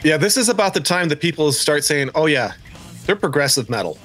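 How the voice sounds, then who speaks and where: Casting: male podcast co-host, slightly high voice, cussing enthusiast, faint music under. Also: animated, a bit bright. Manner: profane, enthusiastic, quick to laugh. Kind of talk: casual chat.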